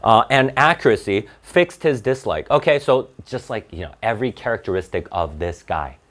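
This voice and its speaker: Lively, blunt young male SAT tutor. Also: fairly low pitch, moderate pace. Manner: casual, blunt and animated, asking rhetorical questions with many fillers. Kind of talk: online tutoring lesson, reading a passage aloud and explaining it.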